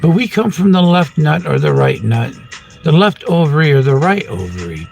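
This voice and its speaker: Very gravelly, lively male vlogger. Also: on the high side, normal speed, faint music behind. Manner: free-associating wordplay and rhymes, sudden loud bursts. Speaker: channel host. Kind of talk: rambling spiritual monologue to camera.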